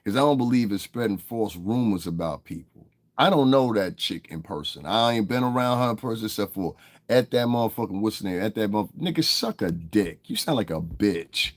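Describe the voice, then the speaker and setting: Speaking fairly quickly in a lowish register, this livestream host rants at his chat. His commentary is full of swearing and hostility, a heated outburst aimed squarely at the viewers.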